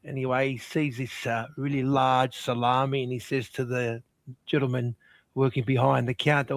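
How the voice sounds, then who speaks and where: A man on a podcast telling rambling jokes, halting with lots of ums. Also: mid-range voice, level tone, dry recording.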